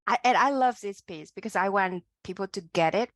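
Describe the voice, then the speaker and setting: A woman's voice: medium pitch, a little fast, dry recording, studio quality. A woman interviewer responding with emphatic, laughing reactions.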